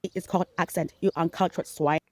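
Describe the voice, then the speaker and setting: A woman's voice: on the low side, fairly even intonation, brisk, mellow. A woman from outside the United States, scolding another streamer sarcastically and profanely in a call-out video.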